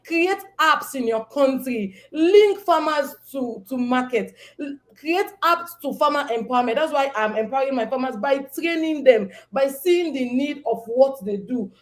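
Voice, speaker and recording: A woman's voice: high voice, expressive, normal speed. A woman farmer speaking on a panel, emphatic and rallying, repeating short punchy phrases. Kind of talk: impassioned panel talk.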